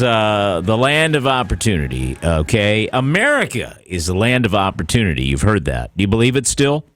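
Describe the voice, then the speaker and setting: Lively radio talk host, playful man. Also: medium pitch, moderate pace, few pauses, soft background music. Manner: playful, jokey, emphatic repeats. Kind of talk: radio talk show hosting.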